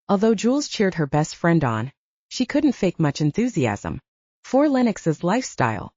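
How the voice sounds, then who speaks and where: A woman narrating a romance audiobook with expressive storytelling. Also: lowish voice, moderate pace, dry recording, lo-fi sound. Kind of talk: scripted narration.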